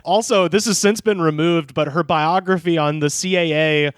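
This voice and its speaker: A man's voice: fairly high pitch, normal speed, smooth. A man co-hosting a podcast in casual chat, laughing often and swearing as he recounts news stories. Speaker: podcast co-host.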